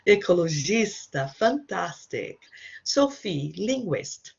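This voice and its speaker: Woman, online teacher, slow and gravelly, dull video-call sound. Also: on the low side, very animated. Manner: encouraging, slow and repetitive. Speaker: Portuguese teacher. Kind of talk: online language lesson.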